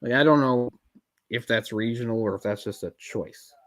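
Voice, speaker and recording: A man's voice: mid-range voice, moderate pace, fairly bright tone. A man giving casual live commentary on a film while feeling unwell, rambling in chatty asides with lots of fillers. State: unwell, keeps swallowing.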